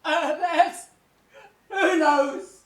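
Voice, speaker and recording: A woman's voice: extremely high pitch, extremely slow, slight background noise, full character voice. A woman playing a horrified grieving maid. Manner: cries out, sobbing and accusing. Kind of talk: amateur stage acting. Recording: roomy echo from far off.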